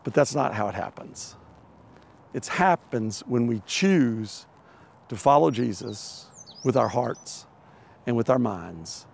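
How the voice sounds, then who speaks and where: A man's voice: medium pitch, expressive, takes it slowly, vocal fry, darkish tone. A middle-aged man preaching a sermon, telling a children's animal story with playful voices before turning to its lesson. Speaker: pastor.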